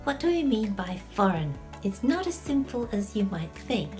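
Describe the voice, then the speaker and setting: A woman, an author giving a measured video lesson on writing. She often poses a question and then answers it herself. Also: mid-range voice, very animated, darkish tone, soft background music.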